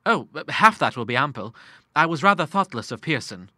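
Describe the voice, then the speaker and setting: A man voicing a young son, hesitant and apologetic, stumbling over fillers in a storybook reading. The voice is bright and close, with a dry sound. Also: fairly high pitch, very animated, brisk, no room sound, full character voice.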